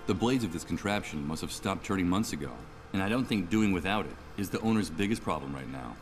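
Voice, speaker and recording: Game hero, very deep voice, lively intonation, wry sardonic, clear game music behind. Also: male voice, fast. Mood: musing. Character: sardonic troubled man, protagonist. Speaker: game protagonist. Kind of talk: video game voice acting, inner monologue.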